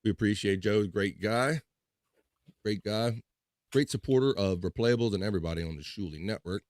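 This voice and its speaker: A man's voice: on the low side, normal speed, a little mellow, no echo, clean studio sound. A man hosting a casual live chat show, reading viewer comments aloud in a loose, upbeat way with playful filler sounds.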